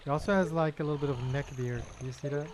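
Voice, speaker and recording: A man's voice: on the high side, quick pace. A young man from Belgium chatting with his viewers while gaming, friendly and prone to repeating himself. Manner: friendly, repeats his own phrases, talks to chat by name. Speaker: streamer. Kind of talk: casual chat while gaming. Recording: game music playing behind.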